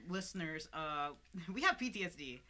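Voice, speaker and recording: Lively young woman chiming in. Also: fairly low pitch, moderate pace, a little hiss or hum. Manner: chimes in, finishes the other host's sentences, laughs often. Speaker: podcast co-host. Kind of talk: casual chat.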